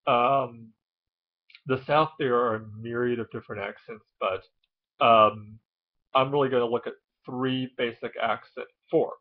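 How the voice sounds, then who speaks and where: Brief: casual male video host, hesitant and filler-heavy, mid-pitched, muffled lo-fi recording. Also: steady tone, measured pace. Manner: hesitant, many ums and uhs. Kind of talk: casual explainer talk.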